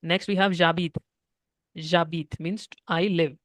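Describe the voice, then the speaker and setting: A man's voice: on the high side, fairly even intonation, a little slow, a bit bright, no room sound. A young man with an Indian English accent teaching French one-on-one, patiently explaining step by step and slipping into Hindi. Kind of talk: one-on-one language lesson.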